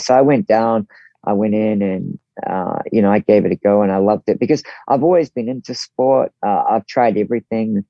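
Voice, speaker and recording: A man in his forties with a New Zealand accent, a podcast guest telling his story in an easygoing, relaxed way and acting out what others said. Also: on the low side, normal speed, dry recording. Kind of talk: casual storytelling interview. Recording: dull, slightly lo-fi dry sound.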